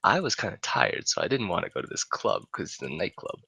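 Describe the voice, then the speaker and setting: Brief: young male podcast host, low gravelly voice, bright and lively, rambling storyteller. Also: fast, dry recording. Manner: rambling, cursing, laughing often. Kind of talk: casual comic storytelling.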